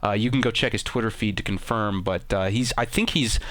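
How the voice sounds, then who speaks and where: A man hosting a gaming channel, giving sarcastic commentary over another video in a deadpan, mock-arrogant way. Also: fairly low pitch, fairly quick, dry recording. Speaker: gaming YouTuber host.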